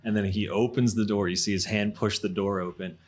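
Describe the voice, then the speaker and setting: A man in his thirties, a podcast guest in a coffee shop, telling funny stories in a quick, laughing way. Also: lowish voice. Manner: animated, laughing, fast anecdotes. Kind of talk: casual storytelling chat.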